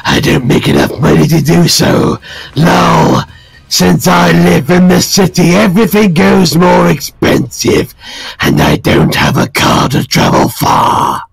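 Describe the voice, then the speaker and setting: A British man putting on a very deep, gravelly, rough voice, booming and slow as he reads chat aloud. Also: very animated, no room sound, exaggerated voice. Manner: booming, slow, shouted delivery. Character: deep gravelly growling male chat-reader voice.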